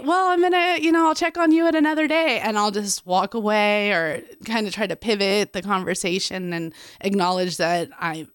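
A woman's voice: lowish voice, no room sound, studio quality. A woman speaking candidly as a guest in casual conversation, acting out what she says to people. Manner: candid, animated, acts out quotes. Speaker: guest, program director.

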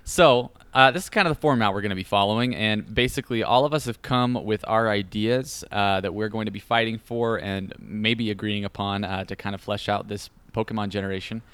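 Smooth-voiced young male podcast host. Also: lowish voice, fairly even intonation, fairly quick, hardly any pauses, a bit bright, dry recording. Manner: self-deprecating, hesitant with restarts. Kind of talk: casual chat.

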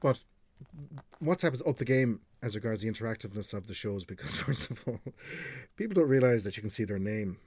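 A man's voice: fairly low pitch, lively intonation, a little fast, darkish tone. A middle-aged Irish man, a radio presenter telling stories in a frank, chatty way and swearing freely. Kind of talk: podcast conversation, storytelling.

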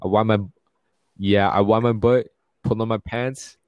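A man's voice: lowish voice, steady tone, moderate pace, a little mellow, dry recording, lo-fi sound. A young man telling a rambling, profane, comic story in casual chat.

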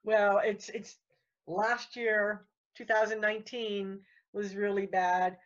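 A woman's voice: mid-range voice, level tone, muffled recording. A woman guest telling her story in casual chat, rambling and repeating words. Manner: rambling, repeats words, talks fast when worked up.

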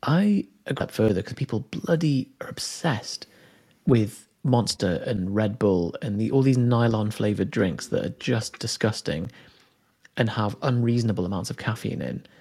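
A man's voice: fairly low pitch, expressive, normal speed, darkish tone, husky. A man co-hosting a podcast, jokey and opinionated, reading out a listener's comment. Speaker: podcast co-host. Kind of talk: casual chat.

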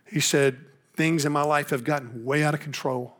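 A man's voice: on the high side, steady tone, normal speed, fairly bright tone. A man with a Texan accent, an evangelist preaching and telling a personal story with rising intensity. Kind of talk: sermon storytelling.

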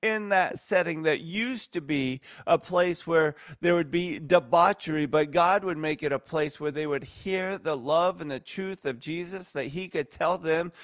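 A man's voice: fairly high pitch, unhurried, few pauses, a bit bright, no room sound, studio quality. A man preaching a sermon as a pastor, earnest and emphatic, stacking repeated phrases.

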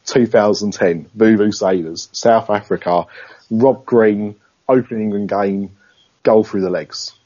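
A man co-hosting a podcast in casual chat, dry and teasing, with a husky voice. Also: lowish voice, fairly even intonation, a little slow, dark tone, dull audio. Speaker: podcast co-host.

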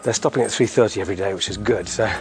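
A man's voice: on the low side, very fast, music in the background. Chatty man podcasting while walking uphill. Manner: chatty, chuckling, rambling. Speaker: community podcast host. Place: outdoors on a hillside road.

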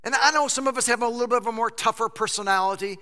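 Man, pastor, animated sermon storytelling, forceful tense tone, long church hall reverb. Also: extremely high pitch, racing. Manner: animated storytelling preacher who acts out quotes. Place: church sanctuary.

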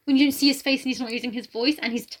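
A woman's voice: high-pitched, fairly even intonation, rapid-fire. A young woman running a tabletop game who drifts into casual, sweary ranting asides. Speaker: game master.

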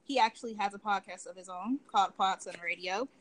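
A woman podcast guest in casual chat, telling the story of her show in a relaxed way. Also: mid-range voice, a little fast, a crowd in the background, low-quality recording. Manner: relaxed, storytelling, recounts events. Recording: clicking noise in the background.

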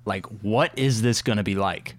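A man's voice: fairly low pitch, normal speed, no room sound. Enthusiastic young man reviewing movies. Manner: enthusiastic, lots of "like" fillers. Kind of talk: casual movie review chat.

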